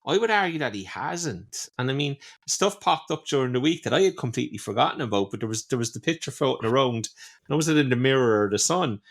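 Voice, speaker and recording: A man's voice: medium pitch, animated, quick pace. Rambling Irish man, Cork accent. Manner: rambling, repeats words when starting. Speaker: podcast co-host. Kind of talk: casual chat.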